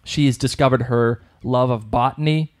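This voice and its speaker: A man's voice: mid-range voice, fairly even intonation, moderate pace. Chatty man with a Boston accent. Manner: chatty, rambling, with frequent restarts. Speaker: podcast co-host. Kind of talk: casual chat.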